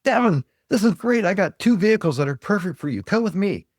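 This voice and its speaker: An older man voicing an eager, pushy male used car salesman who makes a high-pressure pitch. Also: lively intonation, fairly quick, darkish tone, husky, no room sound, clean studio sound. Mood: excited.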